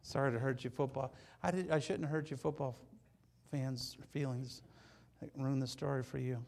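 A man preaching a sermon, telling the story with animated, acted-out scenes that swing from loud to hushed. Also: medium pitch, moderate pace, gravelly, a little hiss or hum.

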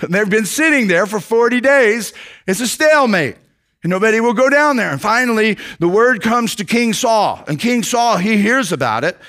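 A man preaching a sermon, retelling a story with lively acted-out quotes, casual fillers. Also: sits high, moderate pace.

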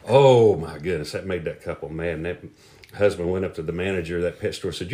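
A man telling jokes in a folksy, drawn-out way. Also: deep voice, warm tone. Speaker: storyteller. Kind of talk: casual joke telling.

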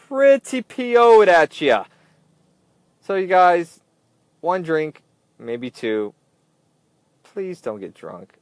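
A man's voice: fairly high pitch, a little mellow, no echo. A man hosting a casual solo podcast, chatting and joking as he repeats his advice with emphasis. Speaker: podcast host, airline gate agent.

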